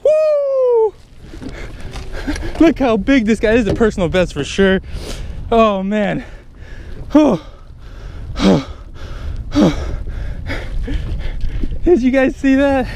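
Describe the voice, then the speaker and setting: A man's voice: high-pitched, a little hiss or hum. A man vlogging from a small boat at sea, exclaiming and cheering over a big catch. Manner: excitable, exclaiming, breathless. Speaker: fishing vlogger. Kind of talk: excited fishing vlog narration.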